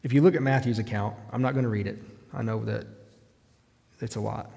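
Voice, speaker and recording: A man's voice: on the low side, fairly even intonation, brisk, creaky. A man preaching a sermon, reading scripture aloud and raising his voice when he quotes the cries in the text. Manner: reads scripture aloud, rising to loud shouts in quoted cries. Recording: long hall reverb.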